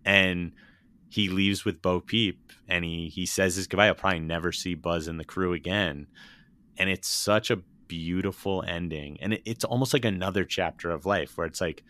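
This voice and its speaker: A young man with a very low but bright, forceful voice talks about films in casual podcast chat. He rambles and gets emotional, swearing as he goes. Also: moderate pace. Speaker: podcast co-host.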